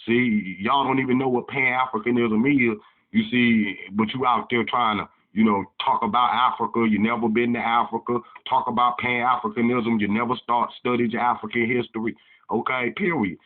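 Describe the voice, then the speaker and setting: Man, fiery preachy lecture, casual, mid-pitched voice, tinny phone-like sound. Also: flat delivery, moderate pace. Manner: fiery, preachy, heated rants. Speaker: channel host.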